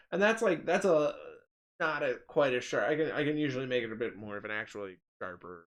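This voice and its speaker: A man's voice: medium pitch, lively intonation, brisk. A man co-hosting a podcast, chatting casually and laughing often as he tells stories and slips into voices. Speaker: podcast co-host. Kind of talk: casual chat.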